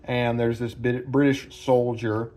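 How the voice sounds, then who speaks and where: A man's voice: medium pitch, little pitch movement, unhurried, darkish tone. A man casually analyzing a film's characters at home, rambling with many fillers and restarts. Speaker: film analysis host. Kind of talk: casual spoken film breakdown. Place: home room with branches hitting the roof.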